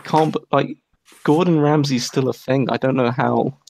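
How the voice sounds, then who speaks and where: Gravelly English man, sarcastic banter. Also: medium pitch, steady tone, normal speed, a little mellow, no echo. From England. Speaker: livestream co-host. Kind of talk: casual chat.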